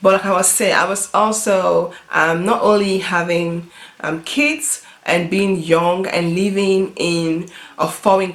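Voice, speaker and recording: A young adult woman talking earnestly in a personal vlog, halting and restarting often. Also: lowish voice. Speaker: beauty vlogger. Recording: roomy echo.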